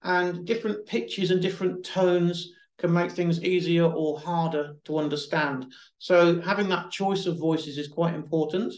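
A man leads a webinar and talks people through phone accessibility features. His voice sits a little high and he speaks patiently, sometimes repeating a word before going on. The sound carries in a reverberant room. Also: fairly even intonation, a little slow. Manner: patient, explanatory, repeats himself at times. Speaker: webinar presenter. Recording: echoey room.

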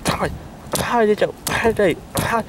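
Man with a high, swooping voice doing a bickering homemade hand skit, loud background noise. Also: moderate pace. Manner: squabbling, whiny, bursts of shouting.

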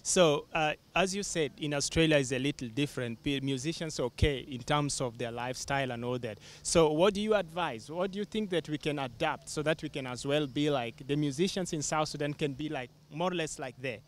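A man hosting a television interview, speaking in a measured, formal way and giving station announcements. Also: a little high. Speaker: television host. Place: television studio.

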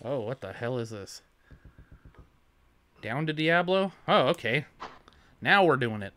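A man's voice: mid-range voice, expressive, unhurried, long pauses, fairly bright tone. A tired man streaming a game at home, joking, swearing a lot and reading chat messages aloud. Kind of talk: casual let's-play chat.

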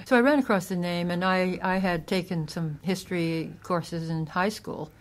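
Woman author guest, lowish voice, long explanations w/ little restarts. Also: normal speed. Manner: explains history at length with restarts. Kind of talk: casual interview.

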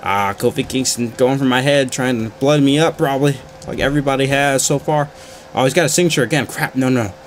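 A man giving excited, frantic commentary while playing a wrestling video game, groaning one moment and yelping the next. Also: medium pitch, fairly quick, slight background noise. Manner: frantic, swings between groans and yelps. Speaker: gaming channel host.

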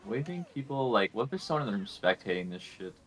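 A young man chatting casually while racing in a video game, excitable, swearing often and breaking into laughter. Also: fairly low pitch, quick pace, husky, soft background music. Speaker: gamer.

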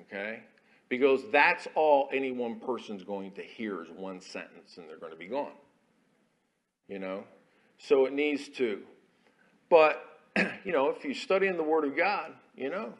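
A man, an Army chaplain preaching a folksy, storytelling sermon in a church, dropping to quiet asides and rising to loud declarations. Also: mid-range voice, expressive, unhurried. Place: church sanctuary.

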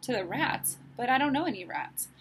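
A woman's voice: a little high, lively intonation, moderate pace, a little hiss or hum, pitched above the performer's own voice. A woman voicing an anxious, timid widowed mother mouse who speaks in an earnest, polite way while reading a storybook aloud.

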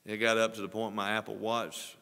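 A man's voice: lowish voice, little pitch movement, brisk, creaky, clean tone. Pastor in his sixties preaching. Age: 60s. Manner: earnest preaching, swelling louder on exhortations. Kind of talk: sermon. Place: church sanctuary. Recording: long church reverb.

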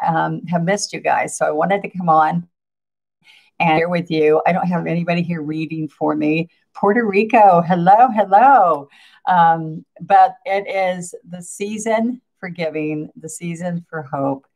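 A woman's voice: sits low, creaky, darkish tone. An older woman, hosting a casual live painting lesson, chatting and laughing as she greets viewers. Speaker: painting instructor hosting a livestream.

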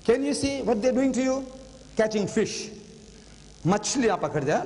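A man's voice: high voice, normal speed, darkish tone. Older man lecturing in an echoing hall. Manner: dramatic, repeats phrases for emphasis. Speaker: public lecturer. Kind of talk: lecture storytelling to a live audience.

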